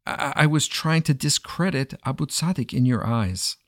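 A man's voice: medium pitch, animated, unhurried, no echo, clean studio sound. A man voicing a scheming male prime minister who pleads and stammers when caught. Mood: begging.

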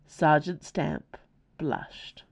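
A woman author narrating her own novella in an expressive storytelling style. Her low voice carries a gravelly edge, and her pitch moves in a lively, animated way. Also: drawn-out words. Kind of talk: scripted narration.

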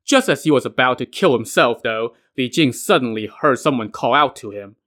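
A man's voice: medium pitch, animated, moderate pace, hardly any pauses, fairly bright tone. A man narrating a myth retelling in a casual way, with wry modern asides. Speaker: podcast narrator.

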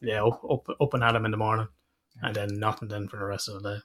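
An Irish man hosting a relaxed, laughing chat. He tells stories, drops swear words freely and slips into voices for the people he quotes. His delivery stays loose and chatty. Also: fairly low pitch, fast talker. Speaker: podcast host. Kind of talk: casual chat.

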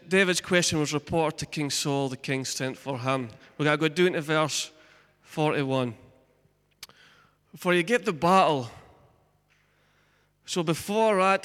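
A male pastor preaching a sermon, reading scripture and telling the story with lively asides to the congregation. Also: high voice, unhurried, smooth, big-room sound.

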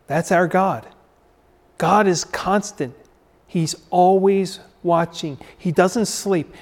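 A man preaching a sermon, slow and emphatic, repeating his key phrases and dramatically acting out the quoted figures. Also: a little high, a little mellow.

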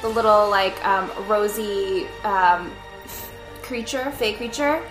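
A woman's voice: medium pitch, slow. A woman playing a tabletop game, hesitant and full of fillers as she describes her turn. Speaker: player. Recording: echoey room with faint music.

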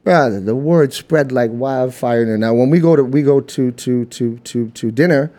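A man with a Canadian accent, a podcast guest telling stories in casual chat, animated and full of "you know what I mean". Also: medium pitch, normal speed. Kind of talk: casual storytelling.

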